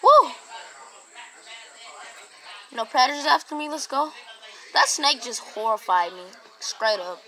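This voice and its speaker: This young woman's voice sits high and bright as she talks through a game. She chats casually, but keeps breaking into jumpy yelps whenever something startles her. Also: slow, long pauses, rough recording. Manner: jumpy, excitable, shrieks when startled. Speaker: gaming vlogger. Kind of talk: casual gaming commentary.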